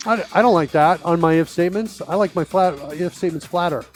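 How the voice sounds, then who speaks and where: A man's voice: sits high, fast talker, faint music behind. A middle-aged man hosting a live coding stream, talking casually and rambling with many fillers. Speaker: host.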